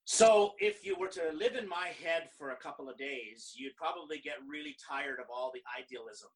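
A middle-aged man from Canada, a professional speaker, telling stories in an animated, conversational way and acting out other people's lines. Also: on the high side, moderate pace, recorded from a distance, poor audio. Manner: animated, quotes others in lively dialogue. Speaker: guest speaker. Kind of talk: conversational storytelling.

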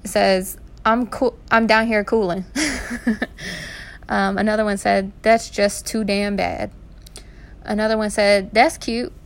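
A young woman, hosting her podcast and telling stories in a casual, animated way. She laughs often and swears freely. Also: medium pitch, unhurried, gravelly, pauses often. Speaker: podcast host. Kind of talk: casual storytelling. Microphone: home recording setup.

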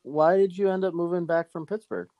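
A man's voice: sits high, fairly quick, no room sound, muffled recording. A man hosting a casual chat, teasing his guest and asking blunt questions.

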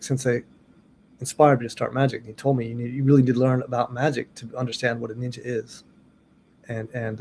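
A man's voice: medium pitch, a little mellow, a little hiss or hum. A middle-aged man telling a story about his martial arts training in a loose, rambling way, full of restarts and "you know". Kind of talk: casual storytelling.

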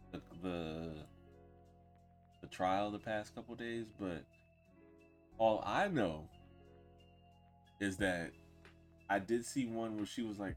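A man co-hosting a casual podcast chat, blunt and opinionated, laughing loudly and then dropping to a mutter. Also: on the low side. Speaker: podcast co-host.

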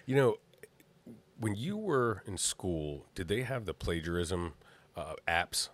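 Podcast co-host, man with a very deep voice that swings up and down a lot, relaxed and quick to laugh. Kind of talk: casual chat.

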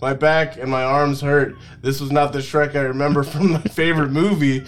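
A man's voice: mid-range voice, fairly even intonation, fairly quick, hardly any pauses, a little hiss or hum. A man reading fan fiction aloud as a comedy podcast co-host, often cracking up and trying silly voices. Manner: reads aloud, breaks into laughter, tries silly voices.

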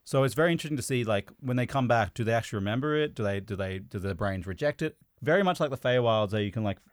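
Casual male co-host who rambles and restarts, mid-pitched, on a dry close mic. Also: animated, quick pace, no room sound. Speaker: podcast host. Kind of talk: casual chat.

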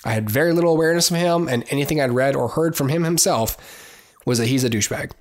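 A man's voice: mid-range voice, fast. A man from the United States hosting a podcast on his own, talking in a casual, rambling way with many fillers and restarts, and giving blunt opinions. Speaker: podcast host. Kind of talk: casual solo commentary.

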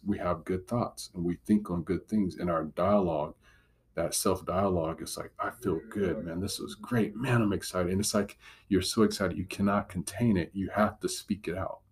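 Low husky earnest Christian speaker, man. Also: a little mellow. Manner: earnest, encouraging, emphatic repetition. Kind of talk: devotional teaching talk.

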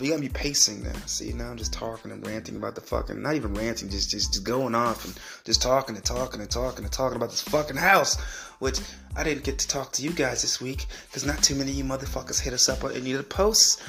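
A man's voice: medium pitch, vocal fry, fairly bright tone. A man hosting a solo podcast, ranting in a profane, rambling way and repeating himself. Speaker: podcast host.

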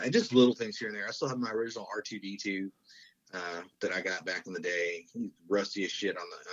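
Rambling husky-voiced man, casual chat. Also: deep voice, a bit bright. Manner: rambling, profane, full of fillers and restarts. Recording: dull lo-fi sound.

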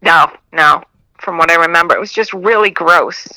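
A woman's voice: lowish voice, normal speed, pushed and bright, dry recording, rough recording. A woman with a Boston-area accent, a podcast guest telling stories in a giggly, rambling way. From Massachusetts. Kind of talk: casual podcast chat, storytelling.

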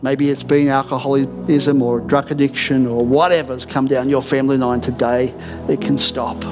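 A man's voice: mid-range voice, little pitch movement, moderate pace, music in the background. A middle-aged man, a senior pastor, preaching a sermon in an earnest, emphatic way with repeated declarations in a church. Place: church auditorium.

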